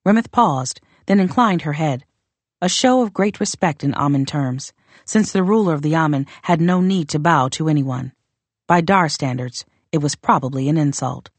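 A woman reads a fantasy novel aloud in a low, steady voice. The recording is close and dry, with no room sound. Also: moderate pace, no echo. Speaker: audiobook narrator. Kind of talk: first-person fantasy novel narration.

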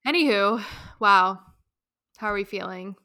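A woman's voice: mid-range voice, a little slow, bright, forceful tone. A woman co-hosting a podcast in a casual, rambling chat, laughing often. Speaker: podcast co-host.

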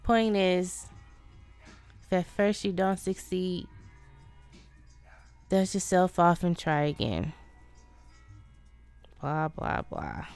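A woman's voice: fairly low pitch, animated, slow, pauses often, a little mellow, clean tone, faint music behind. A woman hosting her own podcast, venting in a casual, profane, self-deprecating way. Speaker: podcast host. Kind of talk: casual solo podcast monologue.

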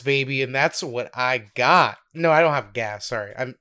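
A young man co-hosting a podcast, telling a story in a casual, giggly, animated way. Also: medium pitch, normal speed. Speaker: podcast co-host.

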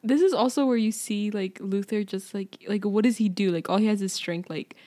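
A young woman chatting casually with a friend, full of "like" and "dude" as she jumps in with her opinions. Her voice sits in a middle pitch for a woman, and she speaks in a relaxed, offhand way. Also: a little fast. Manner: casual slangy asides, many fillers. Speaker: podcast co-host. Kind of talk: casual chat.

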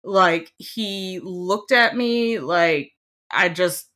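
A young woman from Iowa chatting casually as a guest, animated and emphatic, often laughing. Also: on the low side, extremely slow. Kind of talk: casual chat.

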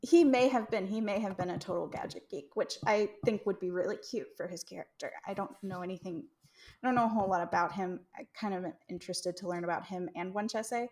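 A woman's voice: mid-range voice, quick pace, darkish tone. A young woman hosting a casual podcast, telling history in a rambling way with frequent laughs. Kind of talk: casual chat.

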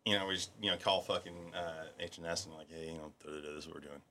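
A man's voice: low-pitched, quick pace, a little hiss or hum. A middle-aged man telling war stories in casual podcast chat, swearing freely and acting out the people he quotes. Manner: profane, animated, acts out quoted voices. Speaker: podcast guest, military veteran. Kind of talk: casual storytelling.

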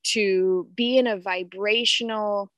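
A woman's voice: medium pitch, steady tone, takes it slowly, a bit bright, no echo. A woman in her thirties talking candidly about parenting and spirituality, swearing freely and greeting viewers as she goes. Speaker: podcast host. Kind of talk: casual spiritual live talk.

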